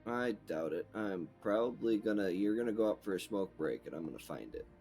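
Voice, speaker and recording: A man's voice: on the low side, expressive, fairly quick, faint music behind. A man running a tabletop game as game master, chatting casually, muttering and swearing to himself, then narrating the scene to his players. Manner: swears and mutters while searching, exclaims loudly.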